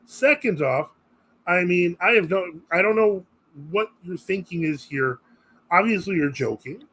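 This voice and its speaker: Husky-voiced man hosting a live stream. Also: high voice, expressive, unhurried, pushed and bright, poor audio. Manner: chatty, reads viewer comments aloud and reacts on the fly. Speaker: host of a live religious Q&A stream. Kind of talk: casual live-stream chat.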